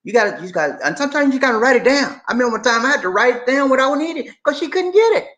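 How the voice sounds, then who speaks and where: Middle-aged guy on a live stream, pretty high voice, keeps hammering his points and talking right at viewers. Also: animated, very fast, a bit bright, muffled recording. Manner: emphatic and repetitive, talking straight to viewers with "man" and "y'all". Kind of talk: casual live stream chat reading viewer comments.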